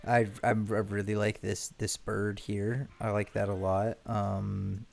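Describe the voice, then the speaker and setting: A man's voice: on the low side, little pitch movement, slow pace, creaky, a little mellow, faint music behind. A man streaming a video game, chatting casually, rambling, correcting himself and swearing now and then. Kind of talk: casual gameplay commentary.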